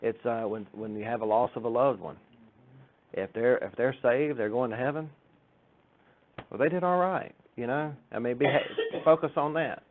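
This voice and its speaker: A man's voice: mid-range voice, normal speed. A man giving an informal church talk, chatty and joking, acting out the people in his stories. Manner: chatty storytelling with jokes and acted-out quotes. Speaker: church speaker. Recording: tinny phone-like sound.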